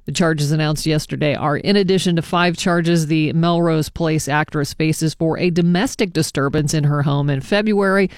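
A man's voice: on the high side, fairly even intonation, moderate pace, few pauses, clean tone, dry recording, clean studio sound. A man hosting a morning radio show, reading news and weather briefs and bantering with a co-host. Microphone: studio microphone.

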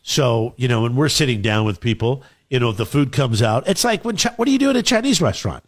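A man's voice: medium pitch, sing-song, quick pace. A man with a mid-range voice bantering casually as a co-host. He teases and keeps pressing with probing questions.

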